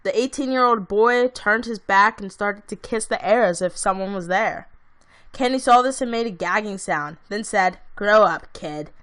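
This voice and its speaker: A woman's voice: medium pitch, moderate pace, fairly bright tone. A woman reading her own fantasy story aloud in a plain way, with small stumbles. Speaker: amateur reader.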